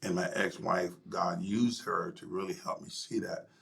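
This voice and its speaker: A middle-aged male pastor telling his personal story in an interview, emotional and halting, sometimes dropping to a near whisper. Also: deep voice, fairly even intonation, vocal fry, fairly bright tone. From United States.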